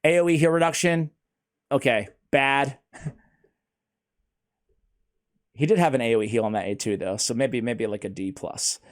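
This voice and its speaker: A man hosting a casual gaming chat, excitable and laughing often, talking like he's with a buddy. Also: mid-range voice, normal speed, pauses often. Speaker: host.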